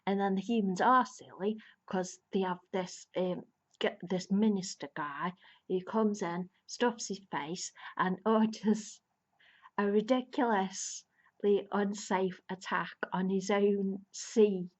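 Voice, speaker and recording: A woman chats her way through a story summary for her video review, stumbling over restarts, fillers and little laughs as she goes. Her voice sits at an ordinary middle pitch. The recording sounds a bit muffled and lo-fi. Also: fairly even intonation, takes it slowly. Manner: rambling, with many restarts and fillers; amused, laughs between lines. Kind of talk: casual retelling of a plot. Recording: slightly dull lo-fi sound.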